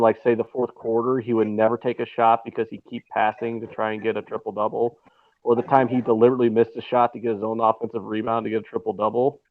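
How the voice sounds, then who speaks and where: A man's voice: medium pitch, no echo. A man co-hosting a casual sports betting chat, sarcastic and profane, ranting with heavy swearing over a remote call. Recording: tinny phone-like line, faint noise.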